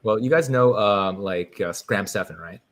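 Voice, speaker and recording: A man's voice: lowish voice, normal speed. A man chatting casually as a podcast guest, rambling with lots of fillers and restarts.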